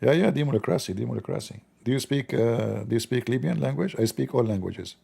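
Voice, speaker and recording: Gravelly sarcastic man streaming commentary. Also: mid-range voice, fairly quick, warm tone. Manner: sarcastic, mock-outraged joking. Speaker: live stream host. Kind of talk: joking live news commentary.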